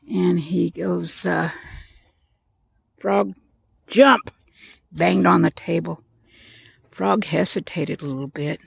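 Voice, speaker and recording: A woman tells jokes slowly and loosely outdoors in a garden, stopping to point at trees and birds. Her voice is deeply gravelly, with a husky, breathy grain. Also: dry recording. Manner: rambling, breaks off to point out the garden. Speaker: joke teller. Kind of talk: casual storytelling.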